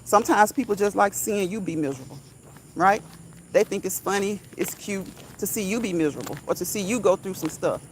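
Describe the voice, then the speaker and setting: A woman's voice: mid-range voice, lively intonation, a little fast, a little hiss or hum. A woman vlogger giving motivational talk on a walk outdoors, emphatic and repetitive, chuckling now and then, into a phone mic. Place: outdoors, walking at night. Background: crickets and insects.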